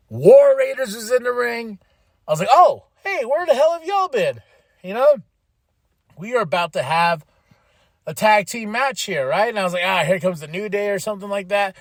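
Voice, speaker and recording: A man hosting a podcast, excitedly recapping a wrestling show in casual chat, laughing and swearing freely. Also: sits high, no echo. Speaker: podcast host.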